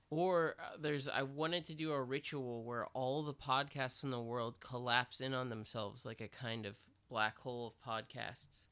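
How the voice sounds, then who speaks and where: A man co-hosting a podcast, rambling through an absurd deadpan mock apology. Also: mid-range voice, unhurried, few pauses, smooth. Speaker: podcast co-host. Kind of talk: absurd comedy monologue.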